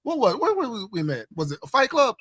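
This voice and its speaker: A man's voice: very high voice, wildly swooping pitch, quick pace, a bit bright. A man hosting a casual livestream chat, laid-back and repeating his phrases. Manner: laid-back, repeats phrases, says "you know what I'm saying". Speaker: livestream host.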